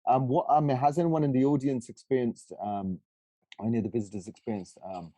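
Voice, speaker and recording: A man's voice: medium pitch, fairly even intonation, brisk, dark tone, dry recording. A man with a Cockney accent co-hosting a panel discussion, talking casually with many fillers and restarts. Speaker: discussion co-host.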